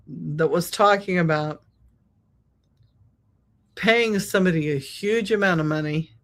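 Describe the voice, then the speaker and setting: A podcast host who works as a spiritual healer talks through a reflective monologue. The delivery is unhurried, with each thought laid out slowly. Key words and phrases are repeated for emphasis. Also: medium pitch, a bit bright. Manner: slow, repetitive, emphatic phrasing.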